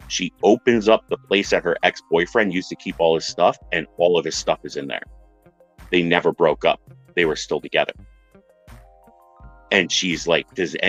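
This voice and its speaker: A man's voice: low voice, muffled recording. A man casually retelling a strange story on a podcast panel, acting out the voices of the people in it. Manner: animated retelling, acts out quoted voices.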